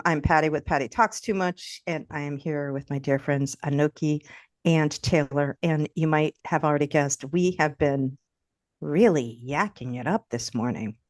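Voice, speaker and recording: A woman with a slightly low voice hosting a relaxed morning livestream. She chats warmly with friends and keeps the talk moving with small affirmations. The sound is dry, with no room around it. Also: dry recording. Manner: chatty, affirming listener. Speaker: host. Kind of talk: casual livestream chat.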